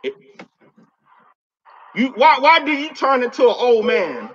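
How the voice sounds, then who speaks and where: Profane high-voiced man taunting on a stream. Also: big pitch swings, unhurried, fairly bright tone, breathy edge. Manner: repeats words when worked up. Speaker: livestreamer addressing a spirit. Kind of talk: live stream rant. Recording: dull lo-fi stream audio.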